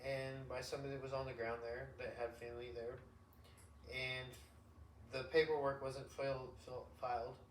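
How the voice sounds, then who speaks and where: A man's voice: mid-range voice, flat delivery, moderate pace, slight background noise. A man hosting an unscripted podcast, talking in an emphatic, slangy, rambling way. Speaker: podcast host. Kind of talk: unscripted casual chat. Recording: echoey room, distant mic.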